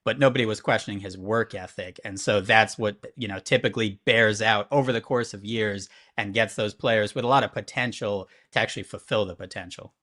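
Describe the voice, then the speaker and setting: Low-voiced man explaining betting odds. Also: fairly even intonation, brisk, hardly any pauses, a bit bright. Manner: explains at length, thinking aloud with frequent "right?". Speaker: sports betting analyst. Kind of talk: conversational analysis.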